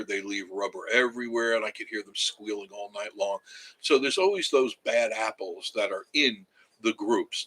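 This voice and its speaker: A man's voice: fairly low pitch, pushed and bright, slightly rough, rough recording. A man, chatting casually on a livestream from his cabin and reading viewer comments aloud in a rambling way. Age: 70s. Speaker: livestream host. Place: home cabin.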